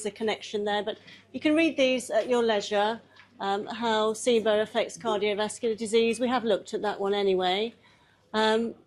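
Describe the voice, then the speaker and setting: A woman's voice: mid-range voice, darkish tone. Chatty woman demonstrating at a workshop. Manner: chatty, laughing often, guiding a volunteer. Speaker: workshop presenter.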